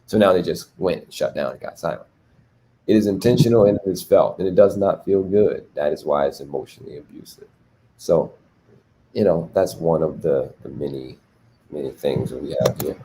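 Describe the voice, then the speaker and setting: A man's voice: very deep voice, normal speed, dark tone, a little hiss or hum. A man hosting a relationship talk on a video call, explaining abuse to a group with many rhetorical questions. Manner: teaching, asks rhetorical questions.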